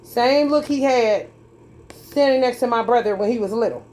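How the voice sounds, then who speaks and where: Woman tarot reader, fairly high voice, preachy, profane, drawling, faint noise behind. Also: normal speed, darkish tone. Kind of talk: tarot reading monologue.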